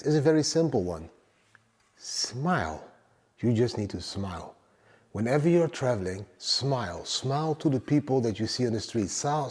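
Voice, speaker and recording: Upbeat man with a mellow voice. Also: medium pitch, slightly rough, long reverb tail. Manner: enthusiastic, repeats "guys" and "for example". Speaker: crypto YouTuber. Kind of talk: casual monologue with trading and travel tips.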